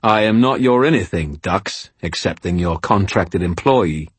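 A coarse hireling, gruff and irritable, growling his words, as a male narrator voices him. The voice is low and husky with a dry, close sound. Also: animated, unhurried, no echo, exaggerated voice. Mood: annoyed. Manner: annoyed, growling, swears constantly. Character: coarse, gruff British hired mercenary man.

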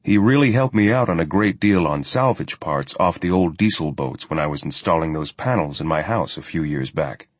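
A man reading a first-person journal story in a steady, matter-of-fact way. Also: low voice, slightly rough, no room sound. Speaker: audiobook narrator.

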